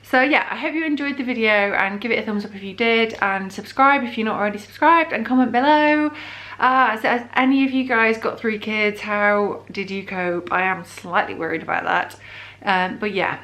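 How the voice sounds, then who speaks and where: A British woman in her thirties talks straight to camera in a relaxed home vlog. Her speech rambles and doubles back, full of "like" and "um", at a mid-range pitch. She keeps it loose and conversational. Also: moderate pace. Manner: chatty, rambling with many fillers and restarts. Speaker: vlogger. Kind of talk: casual pregnancy update vlog.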